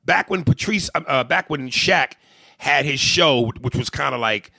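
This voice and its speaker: A man who works as a comedian, co-hosting a podcast and telling profane, animated, joking stories in a casual rant. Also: on the high side, unhurried, gravelly, dry recording, clean studio sound.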